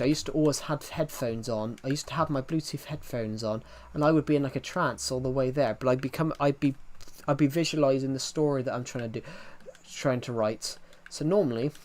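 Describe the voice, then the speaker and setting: A young man with a thick accent talks casually to his viewers on a livestream, his voice sitting a little high. He rambles, restarts his sentences again and again, and makes self-deprecating jokes. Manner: rambling, with many restarts and false starts.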